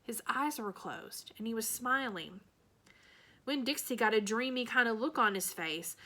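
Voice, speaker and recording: A woman's voice: fairly high pitch, pushed and bright. A woman reading a children's novel aloud, giving the dialogue light voices. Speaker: reader.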